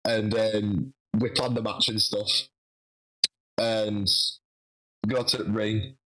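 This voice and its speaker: A man telling a lively story in a casual interview, acting out what people said. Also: lowish voice, slow, rough recording. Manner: animated, acts out quoted dialogue. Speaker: guest wrestler.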